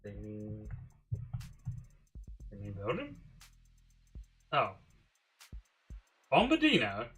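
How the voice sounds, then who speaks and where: Man, crisp bright tone, casual stream chat, thinking aloud, faint music underneath. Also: mid-range voice, lively intonation, measured pace, pauses often. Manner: musing aloud, mildly profane. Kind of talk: casual livestream commentary.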